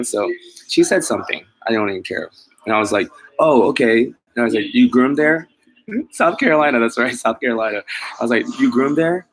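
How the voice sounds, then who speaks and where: A man's voice: mid-range voice, fairly bright tone, a little hiss or hum, rough recording. A man chatting casually to his viewers, rambling and self-deprecating, laughing often, with many fillers and restarts. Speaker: mobile pet groomer vlogger. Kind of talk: casual chat to live viewers.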